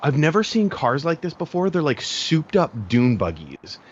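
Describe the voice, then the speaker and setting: A man's voice: a little high, sing-song, normal speed. A man chatting casually on a podcast, telling rambling stories. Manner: rambling, anecdotal. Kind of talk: casual chat. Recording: muffled, faint background noise.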